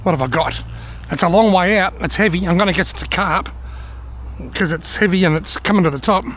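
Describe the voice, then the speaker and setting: Fishing by a river, a middle-aged man with an Australian accent gives casual vlog commentary laced with dry humour. He talks briskly in a high, slightly bright voice, and there's a touch of hiss or hum.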